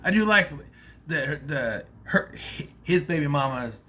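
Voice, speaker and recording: Lively, bright-voiced man recapping a movie. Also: on the high side, measured pace. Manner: rambling, loose, swears freely. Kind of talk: casual spoken movie recap.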